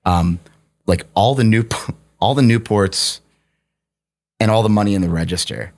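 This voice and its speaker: Man, low-pitched, casual storyteller, profane, laughs a lot. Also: measured pace. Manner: profane, laughing, animated anecdotes. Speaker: podcast guest storyteller.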